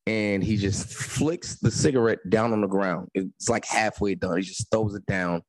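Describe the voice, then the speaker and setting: A man, a podcast co-host, telling a story in casual chat, animated and laughing often. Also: lowish voice, moderate pace, slight background noise, poor audio.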